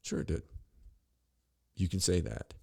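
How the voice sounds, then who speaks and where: A man's voice: unhurried, warm tone. A middle-aged man hosting a podcast, ranting in a rambling, profane, sarcastic monologue full of restarts. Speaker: podcast host.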